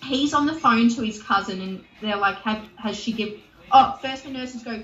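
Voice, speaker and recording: With a slightly high, fairly bright voice at normal speed, a female podcast co-host in her forties chats about a TV show, swearing heatedly and voicing the people she quotes. Soft music plays behind her, and the sound is echoey, distant, and dull.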